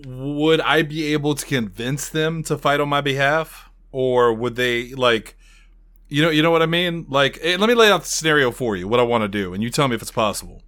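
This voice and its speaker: A man's voice: medium pitch, animated, a little fast, a bit bright. A man playing a tabletop role-playing game for the first time, asking casual questions and swearing at bad rolls. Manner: asks lots of questions, casual and profane. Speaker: player.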